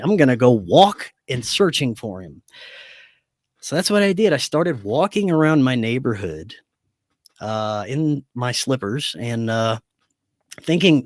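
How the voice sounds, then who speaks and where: Male podcast guest telling a personal story, animated, voices the dialogue, dead dry room. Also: medium pitch, no room sound. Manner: animated, acts out quoted dialogue. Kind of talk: casual storytelling.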